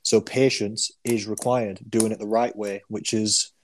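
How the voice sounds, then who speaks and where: A man's voice: on the low side, level tone, measured pace. A man with a South Yorkshire accent hosting a casual conversation, upbeat and chatty. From Rotherham, South Yorkshire. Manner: upbeat, chatty, tag questions. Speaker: podcast host.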